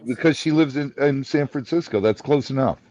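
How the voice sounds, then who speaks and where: A man's voice: medium pitch, fairly quick, mellow, rough recording. A man co-hosting a live stream, joking and exclaiming in casual chat.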